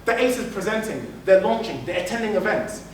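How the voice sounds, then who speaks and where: High-voiced man giving an echoey keynote. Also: brisk. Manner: animated, repeats phrases for emphasis, acts out quoted people. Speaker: keynote speaker. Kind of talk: motivational business keynote. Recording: echoey hall, mic from far off, faint noise.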